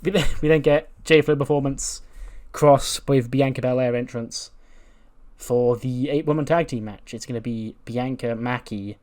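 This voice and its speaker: A chatty man in a casual let's-play, commenting loosely on matches. His voice sits in a middle pitch, and he laughs freely between thoughts. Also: steady tone, normal speed, darkish tone. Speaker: gaming video creator.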